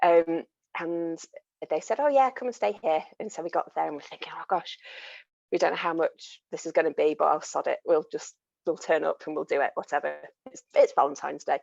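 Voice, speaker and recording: Low-voiced woman panelist, chatty storyteller, dry and slightly dull video-call sound. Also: level tone, a little fast, gravelly, a little mellow, no room sound. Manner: chatty storytelling, laughs often. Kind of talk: online panel chat.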